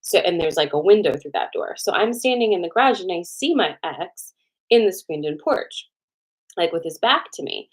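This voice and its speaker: A woman host telling a personal story to viewers in a casual, animated way, with a lot of swearing and "like" fillers. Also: lowish voice, normal speed, husky.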